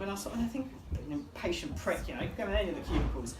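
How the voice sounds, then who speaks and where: A man's voice: sits high, lively intonation, rapid-fire. A young man works through a stand-up set at a pub comedy night, self-deprecating and chuckling at his own lines. He is heard from a distance in an echoey room, with a noisy crowd around him. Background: audience laughter and room ambience.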